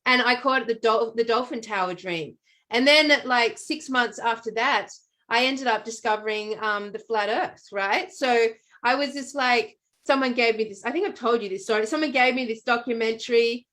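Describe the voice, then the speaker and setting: A woman telling a long personal story in casual chat, animated and full of "like" and "um". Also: a little high, normal speed. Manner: animated storytelling with many fillers. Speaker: podcast co-host.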